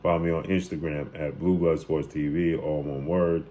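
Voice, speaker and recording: A man's voice: extremely low pitch, steady tone, moderate pace, dark tone. A man hosting a sports channel, casually retelling and commenting on boxing clips with emphatic repetition.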